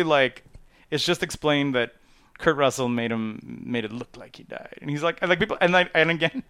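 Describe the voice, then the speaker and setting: Laughing, animated man in casual chat. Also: on the high side, normal speed, clean tone, no room sound. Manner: animated, laughs often, acts out movie dialogue in bursts.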